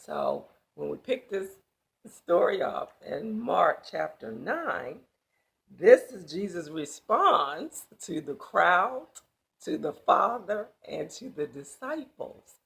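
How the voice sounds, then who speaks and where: Slow, gravelly woman Bible teacher. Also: lowish voice, big pitch swings, a bit bright. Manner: emphatic with casual asides. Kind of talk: sermon-style Bible teaching.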